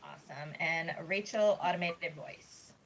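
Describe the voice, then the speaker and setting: A woman's voice: low voice, unhurried, creaky, a little hiss or hum, poor audio. A woman hosting a live script reading over a video call, chatty and upbeat, with plenty of fillers. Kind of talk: hosting a live table read.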